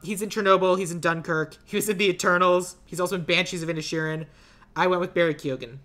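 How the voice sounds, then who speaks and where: A woman's voice: fairly low pitch, steady tone, fast talker, fairly bright tone. A woman co-hosting a casual podcast, rambling and playful, with lots of "like" fillers. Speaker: podcast co-host.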